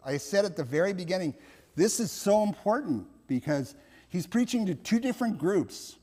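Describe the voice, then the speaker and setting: A male pastor preaching a sermon in a church, reflective and gentle, with soft laughs and restarts. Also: high voice, expressive, normal speed, in a large hall.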